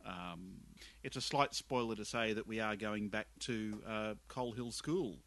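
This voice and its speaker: A man hosting a casual podcast chat, enthusiastic and halting, often repeating words as he talks. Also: on the low side, a bit bright. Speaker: podcast host.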